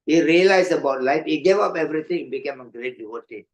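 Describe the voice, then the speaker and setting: Animated storytelling monk, fillers galore. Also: male voice, on the high side, fast talker, poor audio. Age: older. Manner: animated storyteller, acts out voices, laughs often, many "you know" fillers. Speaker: monk giving an evening class. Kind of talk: storytelling sermon.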